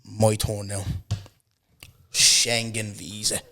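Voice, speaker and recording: A young Irish man hosting a podcast, telling a story in a casual chat, animated and laughing often as he acts out what people said. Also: on the low side, slow. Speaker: podcast host.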